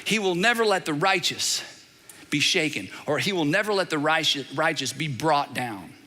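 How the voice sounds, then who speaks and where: A middle-aged man preaching a sermon from a church stage, emphatic and animated, with dramatic repetition. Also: on the high side, moderate pace. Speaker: pastor. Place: large church auditorium. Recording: long reverb of a large hall.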